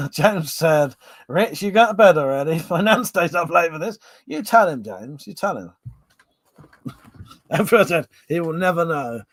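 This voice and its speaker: An English man with a fairly high voice hosts a relaxed late-night livestream over a drink. He reads viewers' messages aloud and answers them with jokes, laughter and easy swearing, often repeating his agreement. The sound is dry and close. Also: unhurried, no echo. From Buckinghamshire, England. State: having a drink. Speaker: livestream host. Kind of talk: casual live-stream chat, reading viewer comments aloud.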